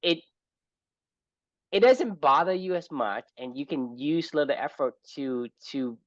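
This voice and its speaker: A man's voice: on the high side, expressive, measured pace, no echo, dull audio. A man co-hosting a podcast, explaining his view in casual chat with animal analogies and frequent "right?". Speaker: podcast co-host.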